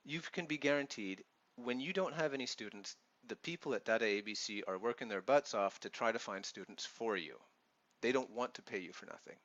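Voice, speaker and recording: A man with a Canadian accent speaks straight to the camera in an advice vlog, earnest and reassuring as he explains things to new online teachers. His voice sits at an ordinary middle pitch, and the recording sounds a little dull and lo-fi. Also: brisk, fairly bright tone. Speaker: online English teacher and vlogger.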